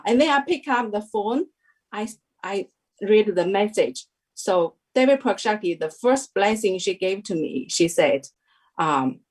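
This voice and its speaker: A young adult woman giving a halting interview testimony, full of fillers and restarts. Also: medium pitch, darkish tone. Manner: hesitant, many fillers and restarts. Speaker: devotee sharing a testimony.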